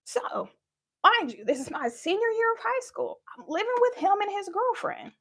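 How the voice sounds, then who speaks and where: A woman's voice: very high voice, big pitch swings, normal speed, fairly bright tone. A young woman candidly telling a personal story in a live talk, acting out what people said. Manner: candid, conversational, acts out quoted lines. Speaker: speaker sharing her story.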